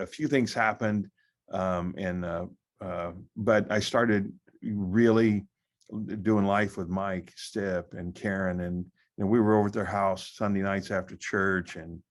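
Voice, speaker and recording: A middle-aged American pastor, his voice sitting a little low. He talks in a conversational way, full of fillers and restarts. He tells his story haltingly as an interview guest. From United States. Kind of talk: conversational testimony.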